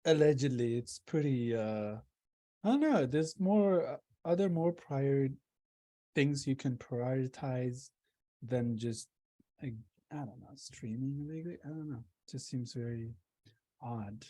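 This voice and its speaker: A man's voice: medium pitch, a little slow, dark tone. A man on a casual football show, hesitant and trailing off. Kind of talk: casual chat.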